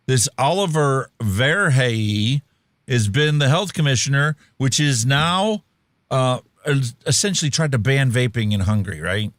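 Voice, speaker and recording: A man's voice: medium pitch, fairly bright tone, dry recording, clean studio sound. A man co-hosting a casual podcast talk show, rambling with lots of fillers and dad jokes. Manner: jokey, rambling, many fillers. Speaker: podcast co-host.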